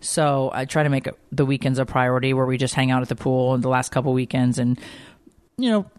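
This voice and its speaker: A woman co-hosting a casual chat, telling stories with lively quoted voices. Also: very deep voice, brisk, no room sound, studio quality. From Georgia, US. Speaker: podcast co-host.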